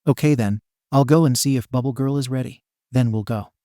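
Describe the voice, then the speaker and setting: A man voicing a stern, deadpan adult pro hero, with a dark, mellow tone. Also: mid-range voice, a little fast, dry recording, studio quality, close to an everyday voice.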